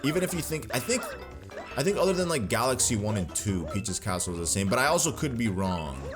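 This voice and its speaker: A man's voice: medium pitch, very animated, a little fast. A man giving casual, slangy, rambling commentary while playing a video game. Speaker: gaming video host. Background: video game music.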